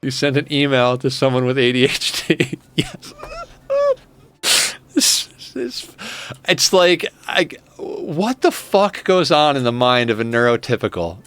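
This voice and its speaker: A man's voice: medium pitch, sing-song, takes it slowly, fairly bright tone. A man chatting casually on a gaming live stream, rambling, sarcastic and swearing freely. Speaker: game streamer.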